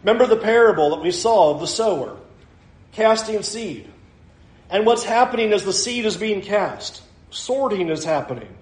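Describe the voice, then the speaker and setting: A man preaches a sermon with a high voice. He talks in an animated way and acts out the voices of the people in his story. The sound rings around an echoey room. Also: normal speed. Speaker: pastor.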